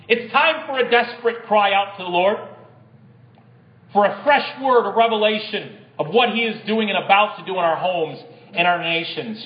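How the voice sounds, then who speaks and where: A man preaching a sermon to his congregation, at times reading a hymn aloud with swelling emphasis. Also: high voice. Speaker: pastor. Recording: roomy, slightly dull recording.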